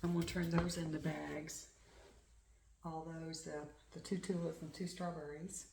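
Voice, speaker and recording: A middle-aged woman from the United States, hosting a crafting vlog and chatting excitedly about her shopping. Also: sits low, moderate pace, creaky, noisy background. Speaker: flosstube host. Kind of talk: casual crafting vlog chat. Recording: echoey room.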